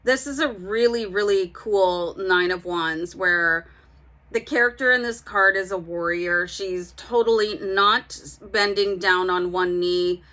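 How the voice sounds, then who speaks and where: Chatty woman doing a tarot reading, crisp bright voice, talks right to the viewers. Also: medium pitch, takes it slowly. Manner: chatty, speaks directly to viewers with frequent fillers. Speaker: tarot reader.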